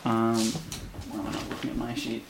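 A man's voice: mid-range voice, monotone, normal speed. A man playing a tabletop game, rambling casually and correcting himself as he talks. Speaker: player. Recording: echoey room with faint noise.

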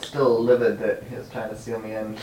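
A man's voice: on the low side, level tone, brisk, dark tone, recorded from a distance. A man in a tabletop game talks in a dry, sarcastic way. He sits back from the mic in an echoey room, with faint ambient noise behind him. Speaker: player. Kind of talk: casual tabletop role-play chat.

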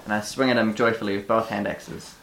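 A man's voice: on the low side, little pitch movement, fairly quick, gravelly, a bit bright. Man counting dice over a noisy recording. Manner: counting dice rolls aloud. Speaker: player. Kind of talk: tabletop game table talk.

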